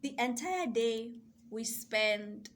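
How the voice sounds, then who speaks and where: Woman, fairly high voice, unhurried pace, soft deliberate reflective talk. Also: expressive. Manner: slow, soft and deliberate, with gentle laughs. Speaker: self-love and mindset coach. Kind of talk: reflective personal monologue.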